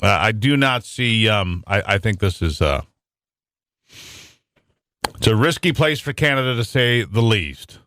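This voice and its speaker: American talk radio guy, low voice, dry close mic, rambles and restarts a lot. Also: expressive, measured pace, pauses often, fairly bright tone, no room sound. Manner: rambling, with many restarts and fillers. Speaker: radio talk show host.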